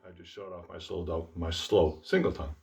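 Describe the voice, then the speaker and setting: Relaxed low-voiced male trombone teacher. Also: normal speed, highs cut off, soft background music. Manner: relaxed, self-deprecating, speaks out articulation syllables. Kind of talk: instructional demonstration.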